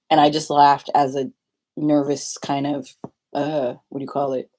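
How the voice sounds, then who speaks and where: A woman's voice: low voice, flat delivery, unhurried, warm tone. A young woman vlogging in a rambling confessional chat, full of filler likes and laughing often.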